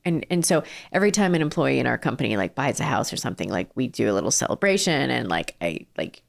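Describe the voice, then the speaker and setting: Guest spot: low-pitched, earnest middle-aged businesswoman, casual and a bit rambling. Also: sing-song, fast, gravelly. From southern California. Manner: earnest, with frequent fillers and restarts. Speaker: ice cream company founder and CEO, guest. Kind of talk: casual interview.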